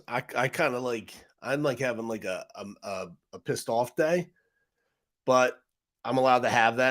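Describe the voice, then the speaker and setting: A man's voice: mid-range voice, fairly bright tone. Frustrated man ranting on a livestream. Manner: frustrated, rambling, talks to chat directly. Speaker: live stream host. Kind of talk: casual livestream chat.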